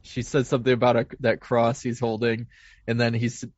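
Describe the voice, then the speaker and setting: A man's voice: mid-range voice, monotone, moderate pace, no echo, highs cut off. A man co-hosting a podcast, rambling through a film plot with self-corrections. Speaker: podcast co-host. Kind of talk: casual plot recap.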